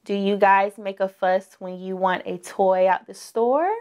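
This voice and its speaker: A woman's voice: mid-range voice, fairly even intonation, a little slow, darkish tone, smooth. A woman reading a picture book aloud to young children, stopping to ask them questions. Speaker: children's storyteller.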